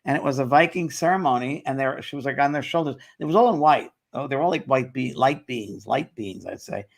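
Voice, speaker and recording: Gravelly-voiced man telling a story. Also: mid-range voice. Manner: animated storytelling, quotes others with quick voice shifts. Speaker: host. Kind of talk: casual chat.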